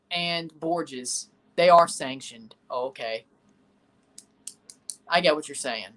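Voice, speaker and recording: A man hosting a livestream watchalong, reacting to a soccer match and answering chat in a blunt, opinionated way that circles back over the same points. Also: high voice. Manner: opinionated, blunt, repeats himself. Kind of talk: casual live match reaction and chat replies.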